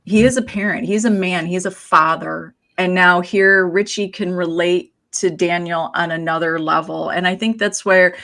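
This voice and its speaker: A woman with a somewhat low voice talking through her thoughts on a casual podcast. She is reflective and persuasive, and she keeps checking in with her listeners as she goes. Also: steady tone, unhurried, creaky, hardly any pauses, sharp tone. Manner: reflective, persuasive, many rhetorical "right?".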